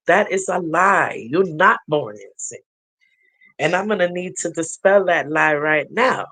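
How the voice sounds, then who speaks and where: A woman spiritual reader talking straight to her viewers at a slow, unhurried pace. She speaks earnestly and tells her story as she goes, laughing often along the way. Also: fairly low pitch, animated, fairly bright tone, rough recording. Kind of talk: casual spiritual vlog talk.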